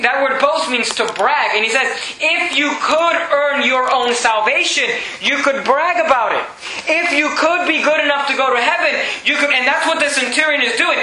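A man preaching a sermon, reading scripture slowly and swinging from raised, emphatic lines to low, quiet ones. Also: echoey room, low-quality recording.

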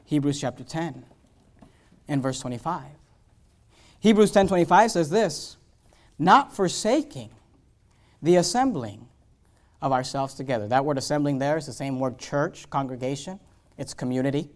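A high-pitched male pastor in full sermon mode. He drops to quiet, close asides, then climbs into loud, hammering runs of repeated phrases. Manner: preaching with swings from hushed to loud, emphatic repetition.

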